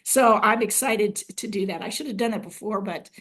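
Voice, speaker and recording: A woman podcast host who reads a guest's bio in a measured way, then chats eagerly. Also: mid-range voice, fairly bright tone. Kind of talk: reading a guest bio, then casual chat.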